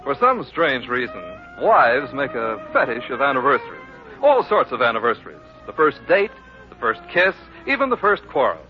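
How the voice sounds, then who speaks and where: A man's voice: medium pitch, big pitch swings, moderate pace. Old radio announcer guy, wry and showy, swoopy voice, faint music, muffled. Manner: wry, theatrical. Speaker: announcer and narrator. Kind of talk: vintage radio announcing and narration.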